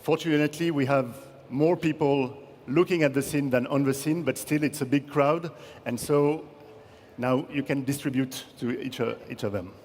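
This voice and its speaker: A man's voice: mid-range voice, moderate pace, darkish tone. A man hosting an awards ceremony on stage, courteously calling people forward and introducing speakers. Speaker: ceremony host. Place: large conference hall. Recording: hall reverb, audience and ambient noise.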